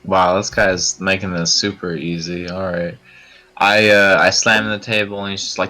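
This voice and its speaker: A man's voice: low-pitched, flat delivery, normal speed, sharp tone. A man playing a tabletop game, blunt and joking in casual chat. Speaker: player.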